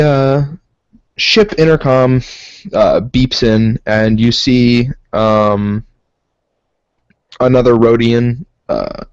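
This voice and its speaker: A man narrating as game master of a tabletop game, pausing often with ums and uhs. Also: mid-range voice, clean tone, no room sound. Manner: slow, halting, many ums. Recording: dull dry lo-fi recording.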